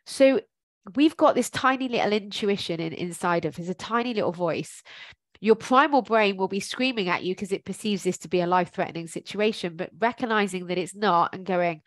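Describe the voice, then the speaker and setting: A woman talks through advice like a life coach, in a friendly, encouraging way that keeps circling back with ums. Her voice sits at an ordinary middle pitch. The recording is close and dry, with no room sound. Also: normal speed, no room sound. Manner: chatty and encouraging, thinks aloud with many ums. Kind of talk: informal coaching talk.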